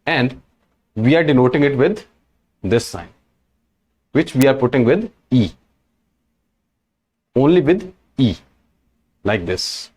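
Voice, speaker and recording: Slow, lively-voiced man teaching a lesson. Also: medium pitch. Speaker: French teacher.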